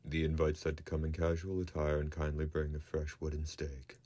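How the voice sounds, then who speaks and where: A man's voice: extremely low pitch, monotone, moderate pace, warm tone. A man voicing a wry male vampire hunter who talks in a laid-back, dry drawl.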